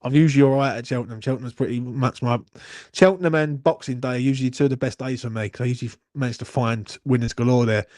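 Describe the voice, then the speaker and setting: A man's voice: mid-range voice, fairly even intonation, fast talker, a little mellow, no room sound, studio quality. A young man hosting a live watchalong stream, chatting in a rambling, sweary, self-mocking way into his phone. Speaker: watchalong host. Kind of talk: casual live-stream chat.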